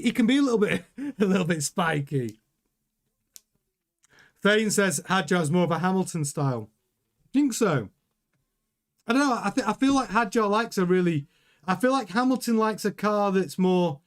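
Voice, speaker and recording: Guy hosting a livestream, kinda high voice, rambly chatty commentary, keeps restarting sentences. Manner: chatty, rambling, self-interrupting. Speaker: livestream host reading chat. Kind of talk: casual commentary watchalong.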